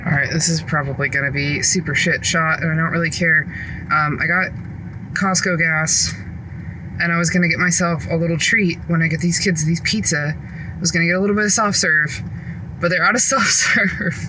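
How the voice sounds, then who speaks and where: A woman's voice: sits low, steady tone, normal speed, noisy background. A woman and mom venting her frustrations in a casual vlog from her car, swearing often, recorded on her phone. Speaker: vlogger and mom. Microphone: phone camera.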